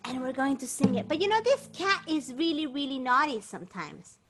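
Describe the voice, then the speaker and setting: This children's entertainer has a high-sitting voice and a moderate pace. On her bilingual show, she plays around with a puppet cat and speaks to the children in an animated way.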